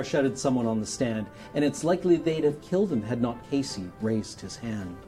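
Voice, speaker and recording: Brief: man, dramatic poetry reader, mellow dark tone, announcer-style delivery, faint music behind. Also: medium pitch, animated, normal speed. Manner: mock radio announcer delivery. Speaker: charity stream performer.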